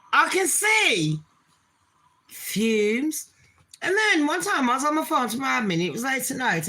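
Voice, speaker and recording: A woman's voice: fairly high pitch, sharp tone, rough recording. A woman chatting casually to her channel, swearing freely and laughing often. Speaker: channel host. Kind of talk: casual chat vlog.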